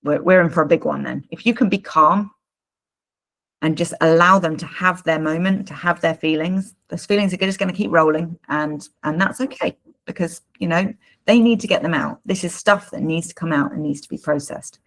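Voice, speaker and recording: A woman coaching parents in a live workshop, her voice low and gravelly. She talks informally and loosely, with plenty of fillers and repeated words. Her tone stays low, with a rough, creaky edge. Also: moderate pace, a bit bright. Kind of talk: live online workshop talk.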